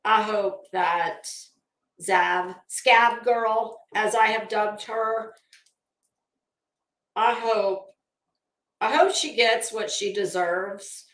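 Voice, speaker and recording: A woman's voice: medium pitch, fairly even intonation, very slow, long pauses, a bit bright, reverberant. A tired, worn-out woman hosting a livestream in casual chat, reading comments and rambling with trailing thoughts. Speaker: livestream host.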